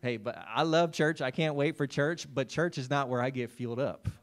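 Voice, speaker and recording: A man's voice: mid-range voice, normal speed. Conversational preaching pastor, man. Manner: conversational preaching, addresses listeners by name, frequent "right?" and "amen". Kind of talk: sermon. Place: church service.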